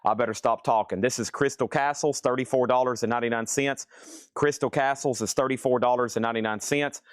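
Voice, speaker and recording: A man's voice: mid-range voice, steady tone, fairly quick, smooth, dry recording, studio quality. A man selling vinyl records in a live-streamed auction from a record store, chatting and joking between calling out prices. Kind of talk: live auction sales patter.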